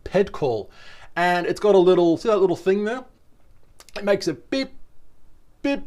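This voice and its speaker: A man's voice: high voice, expressive, unhurried, pauses often, a little mellow, soft background music. A man, chatting casually to camera in a rambling, enthusiastic vlog. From Australia. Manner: rambling, chatty, with restarts and asides. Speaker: vlogger.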